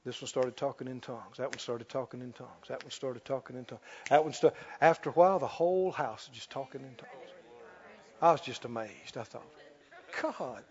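A man preaching a sermon, telling a story with laughs and loud bursts of prayer. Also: mid-range voice, fast talker. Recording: dull lo-fi sound with long hall reverb.

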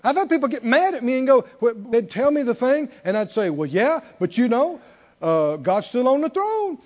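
A man preaching a sermon who moves from quiet, intimate storytelling to loud, emphatic exhortation and leads the congregation in call-and-response. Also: extremely high pitch, sing-song, a little fast, muffled recording.

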